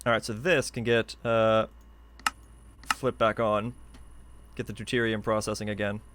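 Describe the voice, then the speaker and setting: A man's voice: fairly low pitch, flat delivery, measured pace, fairly bright tone, a little hiss or hum. Eager, chatty male game streamer. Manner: chatty, eager, thinks aloud while building. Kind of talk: live gameplay commentary. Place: hot room at home.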